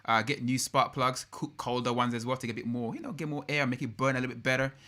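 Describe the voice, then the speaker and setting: Young man, bright tone, casual slangy live-stream chat, lots of fillers. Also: medium pitch, quick pace. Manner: slangy, loose and chatty with many fillers.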